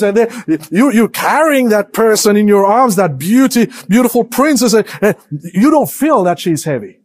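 A man preaching a sermon as pastor, asking his congregation questions and swinging between hushed, low lines and raised, emphatic ones. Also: lively intonation, moderate pace, hardly any pauses.

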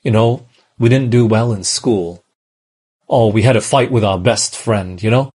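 In a lowish, husky, somewhat mellow voice and at a slightly slow pace, a man preaches an earnest sermon. He repeats phrases and often puts rhetorical questions to the congregation.

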